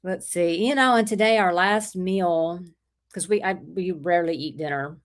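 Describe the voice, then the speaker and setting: A woman's voice: fairly low pitch, normal speed. A middle-aged woman with a sore throat, hosting a casual livestream and chatting through viewer comments. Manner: chatty, rambling, greets viewers by name. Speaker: livestream host.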